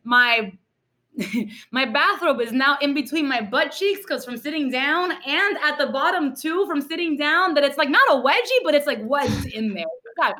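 Woman podcast host from Cuba, animated casual storyteller, high bright voice. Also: normal speed. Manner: animated storyteller, mixes in Spanish. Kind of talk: casual chat.

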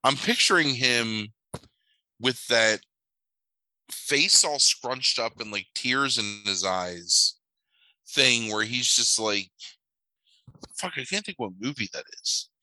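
A man telling stories in casual chat, animated, swearing now and then and acting out the voices of people in his anecdotes. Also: mid-range voice, takes it slowly, pauses often, no room sound, rough recording.

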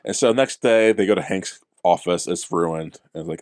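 A man co-hosting a casual movie review podcast, blunt and profane, acting out characters in quick asides. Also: deep voice, a little mellow, dry recording, studio quality. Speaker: podcast co-host.

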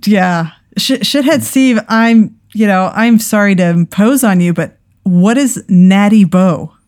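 A woman's voice: mid-range voice, measured pace, darkish tone. A woman guest casually playing along, asking playful questions. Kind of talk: casual chat.

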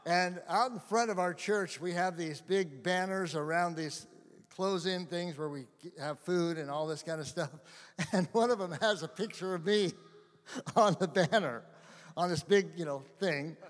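A middle-aged male pastor telling stories in a sermon, animated and often laughing. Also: sits high, unhurried. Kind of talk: sermon storytelling. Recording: long hall reverb.

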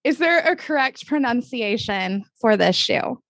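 A woman hosting a podcast interview, gushing and enthusiastic, talking in quick bursts with frequent laughs. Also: on the high side, expressive, gravelly, a bit bright, no room sound, studio quality. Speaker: podcast host. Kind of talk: upbeat casual interview.

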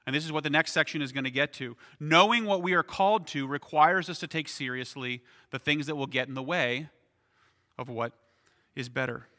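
A man's voice: fairly high pitch, a little fast, sharp tone, in a large hall. A man preaching a sermon as pastor, in a conversational way, often asking "right?".

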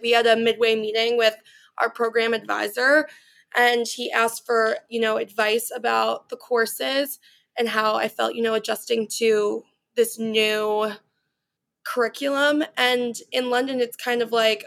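Answering interview questions casually and chattily, a twenty-something study-abroad student peppers her speech with "like" and "you know." She sounds a little high, creaky and a bit bright, unhurried with fairly even intonation.

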